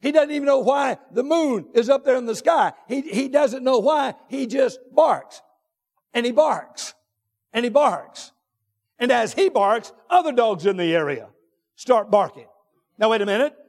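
A man with a very high voice preaches in a church, his words ringing out in a long hall reverb. He drags out his phrases and repeats them, then shouts his key points. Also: animated. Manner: drawn-out deliberate phrasing with repetitions. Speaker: pastor. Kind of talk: sermon. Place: church sanctuary.

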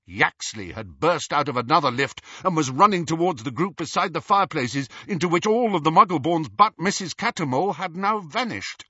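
Expressive man narrating an audiobook. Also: fairly high pitch, a little fast, few pauses, husky, no room sound, lo-fi sound. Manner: expressive storytelling. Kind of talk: scripted narration.

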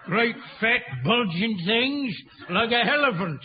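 A crotchety, hard-of-hearing old man, barking rude questions in a very high, cracked voice. He is querulous and suspicious of everyone. The sound is a muffled old archive broadcast. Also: lively intonation, slow pace, full character voice. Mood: cantankerous. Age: older. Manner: querulous, shouting through a trapdoor. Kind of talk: radio sitcom acting.

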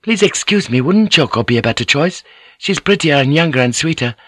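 A man voicing a timid young female courtesan in an audiobook, speaking softly and deferentially. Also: fairly high pitch, animated, a little fast, dry recording, studio quality, pitched above the performer's own voice. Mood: pleading.

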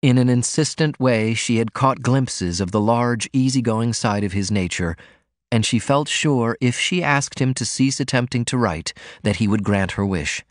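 A man narrating a novel aloud in an expressive, scripted reading. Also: mid-range voice, normal speed, no room sound, clean studio sound. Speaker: audiobook narrator.

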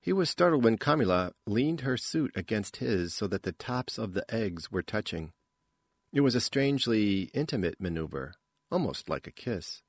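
A man narrating an audiobook in an unhurried, expressive manner. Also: lowish voice, slightly rough, dry recording, studio quality. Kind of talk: scripted narration.

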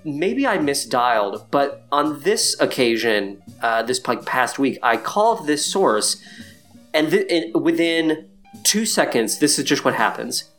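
A man's voice: medium pitch, sing-song, a little slow, fairly bright tone, soft background music. A man in his thirties hosting a podcast in casual chat, swearing freely and laughing often. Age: 30s. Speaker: podcast host.

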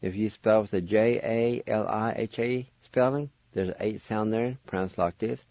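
A man's voice: fairly low pitch, fairly even intonation, moderate pace, a little mellow, no echo, dull audio. A man hosting a radio lesson, spelling and pronouncing words syllable by syllable, repeating each one with care. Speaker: radio host teaching language. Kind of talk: slow instructional spelling and pronunciation.

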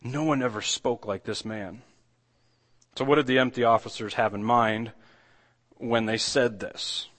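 Male pastor, mid-pitched voice, conversational sermon delivery with restarts and emphatic climbs. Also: fairly even intonation, measured pace, long pauses, fairly bright tone. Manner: conversational preaching with frequent restarts and rising emphasis.

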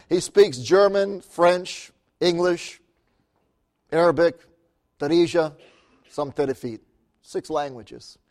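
A man's voice: a little high, very slow, pauses often, darkish tone. A man preaching as a missionary, telling stories in a sermon, laughing often and calling out for amens. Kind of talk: sermon storytelling.

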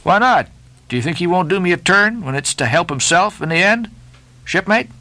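A man voicing Steelkilt, a calm scheming sailor. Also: high voice, moderate pace, pitched above the performer's own voice, exaggerated voice. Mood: defiant.

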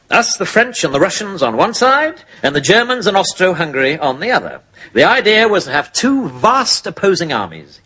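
An actor playing a sardonic, weary British army captain, dry and cutting in an English accent, in a sitcom before a studio audience. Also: male voice, high-pitched, fairly bright tone, heavily acted. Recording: hissy TV sitcom audio with audience laughter.

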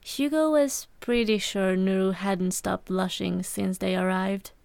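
A woman reading a fan story aloud in a steady, even narration. Her voice is smooth and clear, recorded dry and close to the mic. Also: mid-range voice, a little slow, no room sound. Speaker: podfic reader. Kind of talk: scripted narration.

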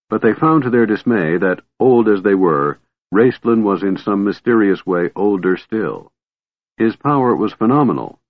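A man narrating a fantasy audiobook in a measured, dramatic reading. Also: low voice, no room sound. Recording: tinny phone-like audio.

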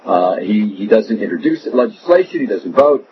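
Brief: mocking male radio host, animated delivery, dull lo-fi sound with hiss. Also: fairly low pitch, moderate pace. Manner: mocking, sarcastic, digressive. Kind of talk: opinionated talk radio monologue. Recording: muffled radio broadcast with noise.

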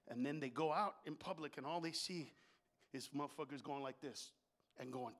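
A middle-aged man doing a profane stand-up comedy set on stage before an audience, ranting and often breaking into shouts. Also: fairly high pitch, fairly quick.

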